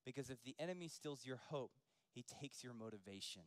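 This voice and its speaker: A man preaching a sermon, moving from quiet storytelling to loud, rising preaching. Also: medium pitch, animated, fairly quick, no echo. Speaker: pastor.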